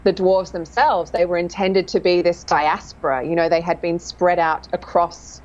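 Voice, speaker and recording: Woman, lowish voice, enthusiastic and chatty, dialect coach, dull lo-fi sound. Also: fairly even intonation, normal speed. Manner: enthusiastic, chatty, laughs often. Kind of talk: casual interview chat.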